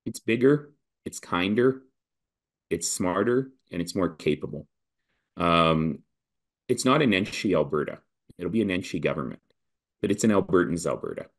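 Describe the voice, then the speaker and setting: A man from Canada with a very deep, low voice speaks as a political candidate in a podcast interview. His delivery is animated and persuasive, building points through rhythmic repetition like a campaign speech. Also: normal speed, pauses often.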